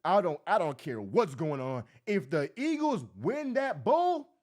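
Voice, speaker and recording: Sports show host, male, high-pitched and animated, heated fan rant. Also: a little slow. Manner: fired-up, emphatic, says "bro" constantly.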